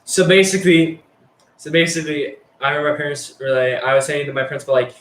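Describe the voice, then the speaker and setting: A man's voice: on the high side, fast, a bit bright, slight background noise. Rambling, profane young man in an echoey room. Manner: rambling, profane, filler-heavy. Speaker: storyteller. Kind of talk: casual storytelling.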